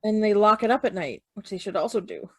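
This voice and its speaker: A woman's voice: medium pitch, fast talker, gravelly, darkish tone, husky, no room sound. Chatty woman on a dry video call. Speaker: comedy performer. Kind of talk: casual chat and improv on a video call.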